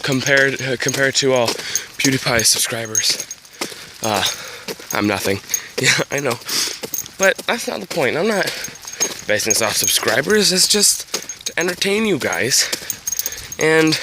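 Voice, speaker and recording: A teenage boy chats to his handheld camera in a loose, rambling way, full of ums and little laughs. His pitch is ordinary for a young man. The recording is noisy, with wind and heavy rain behind him outdoors. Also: lively intonation, measured pace, pauses often. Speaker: vlogger. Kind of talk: casual vlog talk to camera. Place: home, then outdoors by a road in heavy rain.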